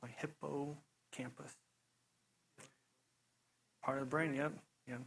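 A young man giving a casual sermon testimony, telling rambling, animated stories full of "you know" and quick laughs. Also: fairly high pitch, gravelly, slightly rough, poor audio. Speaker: preacher.

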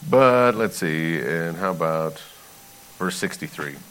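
A man delivers a sermon in a casual, conversational manner, breaking from scripture readings into emphatic asides. His voice is bright and his pitch swings widely as he pleads and jokes. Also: animated, slow, smooth, low-quality recording. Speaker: pastor.

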